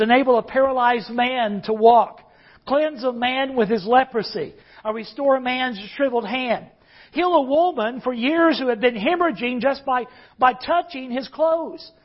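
Conversational preacher, muffled recording. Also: high voice. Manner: conversational, tells a joke, reads scripture aloud. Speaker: pastor. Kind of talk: sermon.

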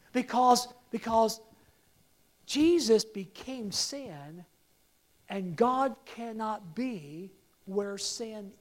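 A woman's voice: medium pitch, a little mellow. A woman preaching a sermon to a congregation, emphatic and repeating key phrases for them to say back. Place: church service with projected slides.

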